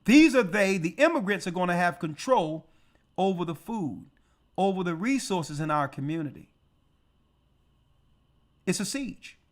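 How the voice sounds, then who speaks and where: Church elder preaching prophecy, slow n emphatic, voice goes way up and down. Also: medium pitch, animated. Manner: emphatic, asks rhetorical questions. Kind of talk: prophecy teaching sermon.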